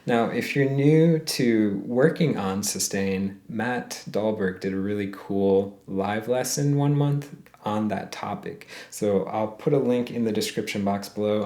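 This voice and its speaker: Mellow-voiced man teaching ukulele. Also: lowish voice. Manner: counts beats aloud and scats melodies while playing; addresses viewers as "guys". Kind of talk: friendly step-by-step music lesson. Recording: roomy echo with ukulele playing.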